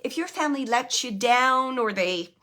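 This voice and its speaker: A psychic medium gives a live reading in a bright, tense, fairly high and expressive voice. She speaks haltingly, searching for words amid many fillers, and sometimes drops to a hushed whisper.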